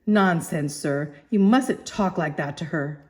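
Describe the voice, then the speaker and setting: A woman's voice: sits low, takes it slowly, darkish tone. Woman doing a scolding proper housekeeper. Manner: scolding, insistent. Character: firm, proper middle-aged housekeeper woman.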